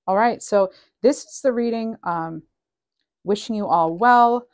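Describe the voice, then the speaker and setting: A woman's voice: mid-range voice, measured pace, a little mellow. A woman giving a casual, channeled tarot reading, chatty and meandering with frequent ums, reading card messages aloud. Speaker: tarot reader.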